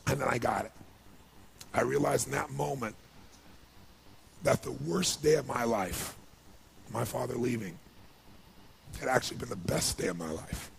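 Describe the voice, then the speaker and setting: Gravelly man telling an emotional story. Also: mid-range voice, slight background noise. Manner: emotional, rising to excited passion. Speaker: motivational speaker. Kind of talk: motivational storytelling speech.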